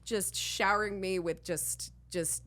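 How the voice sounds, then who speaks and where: A woman podcast host from Miami telling a candid anecdote, rambling and animated, full of "like" and restarts, blunt and profane. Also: mid-range voice, slow pace. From Miami, Florida.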